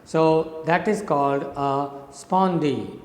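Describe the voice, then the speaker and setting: A man's voice: on the high side, takes it slowly. A middle-aged man with an Indian English accent, giving a recorded lecture on poetic meter. He repeats words and spells them out for his students. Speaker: associate professor of English literature. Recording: roomy echo with long reverb.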